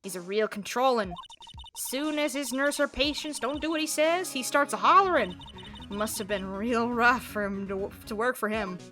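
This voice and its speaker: A woman's voice: fairly high pitch, normal speed, bright, forceful tone, faint music behind. A woman voicing a nosy, folksy woman with a gossipy drawl.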